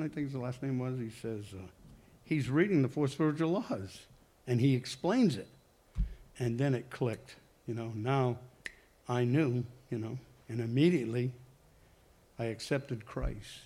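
Man, mid-pitched, loose conversational church testimony, self-correcting, tells it like a story. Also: mellow. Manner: rambling, conversational, corrects himself mid-sentence. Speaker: church member giving testimony. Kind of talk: personal testimony to a congregation.

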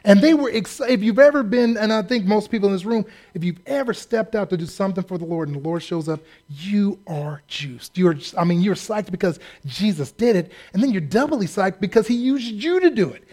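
A man preaching a lively, humorous sermon, joking and acting out quotes. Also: high-pitched, fairly quick, few pauses. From United States. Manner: animated, joking asides and acted-out quotes.

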